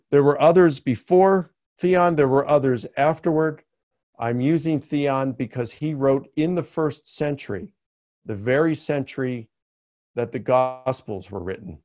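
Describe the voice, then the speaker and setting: A man delivers an academic webinar lecture at a very unhurried, measured pace. His voice sits at an ordinary middle pitch and lifts sharply on the words he wants to stress. The sound is close and dry, with no room around it. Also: a little mellow, no echo. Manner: slow, deliberate explanation with emphatic rises on key words.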